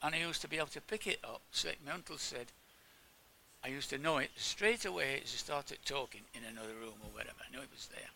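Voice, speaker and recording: In a casual sermon, an older English preacher talks with his listeners and quizzes them directly. He speaks fast, his medium-pitched voice creaky and sharp, over a slight hiss or hum.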